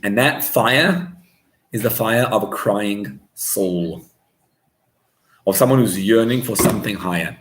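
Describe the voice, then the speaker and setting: A man, a rabbi, preaching a sermon as an animated storyteller who mixes in Hebrew and Yiddish words. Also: on the low side, unhurried, a little hiss or hum. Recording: roomy echo.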